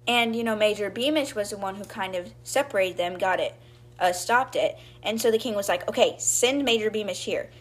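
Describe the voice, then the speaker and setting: Casting: young woman, chatty storyteller recap, slips into quick character voices, everyday pitch. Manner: chatty, acts out quotes in brief voices. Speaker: podcast host retelling a book.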